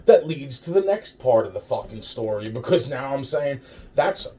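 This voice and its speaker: A man's voice: medium pitch, expressive, moderate pace, dark tone. A man in a rambling, profane monologue, swearing constantly and chuckling between phrases. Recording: distant mic with faint background noise.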